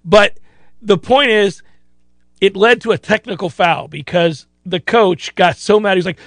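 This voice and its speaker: A man's voice: high-pitched, moderate pace, fairly bright tone, dry recording. A man hosting a sports talk radio show, chatting casually and acting out other people's lines.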